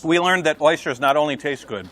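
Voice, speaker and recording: Male co-host, bright tense voice, jokey casual chat, live outdoors. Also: fairly high pitch, fairly quick. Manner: jokey, laughs often. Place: outdoors at an oyster farm.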